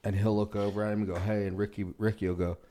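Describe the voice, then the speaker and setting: A man's voice: on the low side, rapid-fire. A man telling an anecdote in casual chat, acting out what his friend said. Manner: animated, acts out quotes. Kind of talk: casual storytelling.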